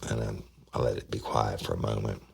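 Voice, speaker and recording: A man's voice: a bass voice, flat delivery, brisk, vocal fry, darkish tone, slightly rough. A middle-aged man hosting a true-crime podcast, casually retelling an interrogation with asides to his listeners. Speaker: podcast host.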